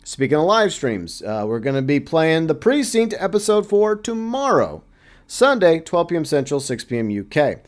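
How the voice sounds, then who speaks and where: Brief: male streamer, slightly higher voice, loose chatty delivery. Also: very animated, moderate pace. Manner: chatty, reads chat aloud, playful asides. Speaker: livestream host. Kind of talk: casual livestream chat.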